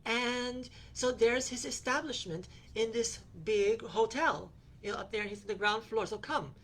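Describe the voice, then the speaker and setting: A woman's voice: fairly high pitch, steady tone, a little slow. Rambling woman telling a travel story. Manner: rambling, with frequent fillers and restarts; quotes other people in her retelling. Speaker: podcast host.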